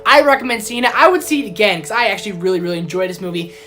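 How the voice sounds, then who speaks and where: A woman reviewing films in a casual vlog, excitable and easily riled up as she rants. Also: mid-range voice, racing, faint music behind. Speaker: film vlogger. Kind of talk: casual movie review rant.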